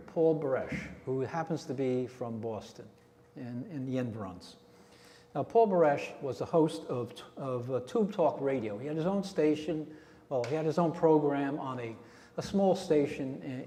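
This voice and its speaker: A New Jersey man with a mid-range, dark voice leads a radio club meeting, telling the members a rambling, casual story. The recording is in an echoey hall with long reverb.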